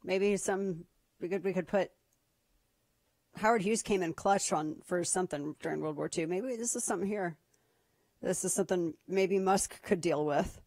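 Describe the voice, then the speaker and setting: A woman's voice: on the low side, moderate pace, dry recording, studio quality. A woman hosting a political talk radio show, speaking casually with a sarcastic, mocking edge. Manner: sarcastic, mocking, lively asides.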